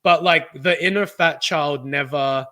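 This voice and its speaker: Young man, podcast co-host, bright tense tone, fairly high voice, chatty, laughs a lot. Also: measured pace. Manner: chatty storyteller, laughs often, acts out relatives' voices. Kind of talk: casual chat.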